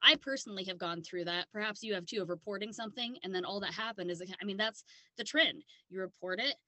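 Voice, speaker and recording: A woman's voice: medium pitch, fast, pushed and bright, dry recording. A woman from South Dakota co-hosting a podcast, chatting casually in a blunt, profane way and laughing easily. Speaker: podcast co-host. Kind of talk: casual chat.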